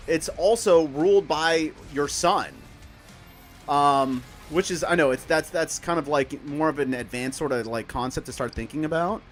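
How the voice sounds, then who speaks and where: A man casually explaining astrology on a stream, rambling with many fillers and restarts. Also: on the high side. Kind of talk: casual explanatory chat while gaming.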